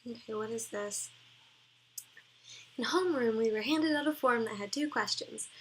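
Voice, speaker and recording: A woman's voice: fairly high pitch, moderate pace, husky, rough recording. Giggly young woman rambling. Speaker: cosplay vlogger. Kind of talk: casual chat reacting to old posts.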